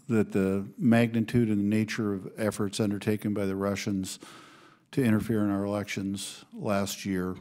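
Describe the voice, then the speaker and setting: A man with a low voice questions witnesses at a congressional hearing. He speaks in a formal, deliberate way. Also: darkish tone.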